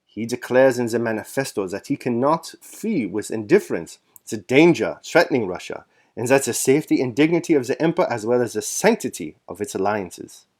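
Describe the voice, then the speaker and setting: A man's voice: medium pitch, animated, a little fast, darkish tone, close to an everyday voice. A man voicing a stout, patriotic old German colonel with a German accent, speaking emphatically and leaning hard on single words. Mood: emphatic.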